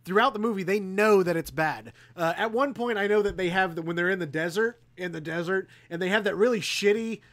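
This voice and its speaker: A man's voice: sits high, fairly quick, few pauses, a bit bright. A man co-hosting a casual livestream chat, rambling and laughing through profane movie banter. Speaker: podcast co-host.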